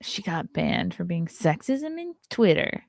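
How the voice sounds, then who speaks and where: A woman's voice: fairly low pitch, sing-song, unhurried, creaky, a little mellow, no room sound, studio quality. A woman hosting a casual morning livestream, chatting and reading headlines aloud with sarcastic asides, sometimes dropping to a whisper. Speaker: host of a morning livestream show.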